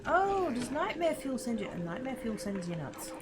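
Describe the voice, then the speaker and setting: A woman streaming a game, chattering to herself and her viewers, squealing with excitement now and then. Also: on the high side, normal speed, very noisy. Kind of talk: casual gameplay livestream chatter. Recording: game music playing underneath.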